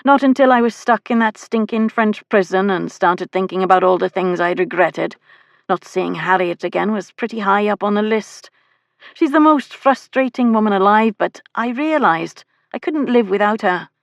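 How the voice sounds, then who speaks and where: A woman voicing a wry, calm sea captain in an audiobook, dry and understated. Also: medium pitch, moderate pace, gravelly, dry recording, natural voice.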